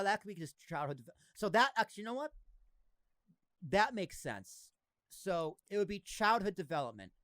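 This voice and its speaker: A man's voice: a little high, fairly bright tone, no echo, clean studio sound. A man who is a podcast guest in casual chat, reasoning aloud and ending points with questions.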